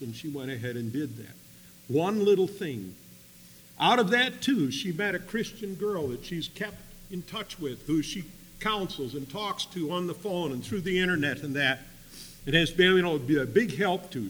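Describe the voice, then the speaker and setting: Guy preaching, story mode, bright ringing voice, big echoey hall with a faint hum behind. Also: on the high side. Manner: swings between loud emphatic bursts and quiet asides. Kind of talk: sermon storytelling.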